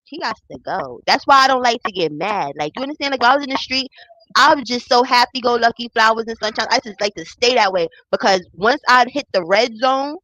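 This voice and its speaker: A woman's voice: on the high side, fairly quick, no echo, lo-fi sound. A young woman telling a profane personal story in a casual storytime vlog, acting out the voices of the people in it. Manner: animated, acts out quoted voices, profane.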